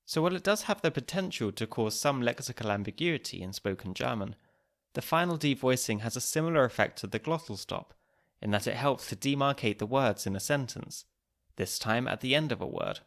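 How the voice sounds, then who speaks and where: Measured male podcast narrator. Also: mid-range voice, sing-song, fairly bright tone. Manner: clear, measured, explanatory delivery. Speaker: podcast host. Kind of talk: scripted narration.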